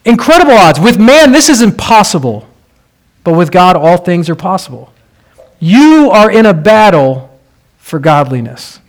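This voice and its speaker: A man's voice: high voice, sing-song, a little slow. A man preaching a sermon, telling stories in a conversational way and building to emphatic swells.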